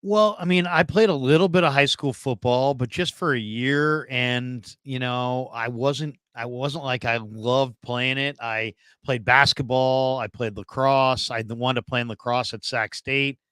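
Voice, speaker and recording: A man's voice: mid-range voice, steady tone, a little slow, hardly any pauses, a bit bright, clean tone, no echo. A man in his fifties, a former scout turned radio host, telling a long story as an interview guest, rambling with many fillers and restarts.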